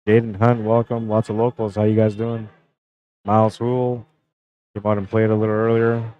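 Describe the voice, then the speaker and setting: A man's voice: fairly low pitch, level tone, moderate pace, highs cut off. A young man casually commenting on a pool match on his live stream, chatting with viewers and greeting them by name. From Canada.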